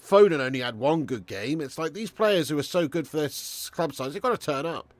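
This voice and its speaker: Animated man, dry close mic. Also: fairly high pitch, fairly quick, dry recording. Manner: animated, sweary banter, reads chat aloud. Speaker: watch-along streamer. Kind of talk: live football watch-along chat.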